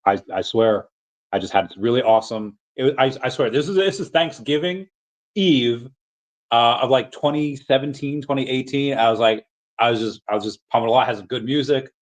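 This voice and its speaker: A man's voice: medium pitch, brisk. An American man with a rambling manner, full of restarts and fillers, chatting casually on a livestream while answering viewers. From United States. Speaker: livestream host answering chat.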